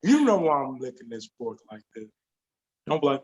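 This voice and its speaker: A man's voice: medium pitch, big pitch swings, normal speed, darkish tone. A man chatting playfully as a guest on a podcast, laughing often and drawling his words. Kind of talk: casual chat.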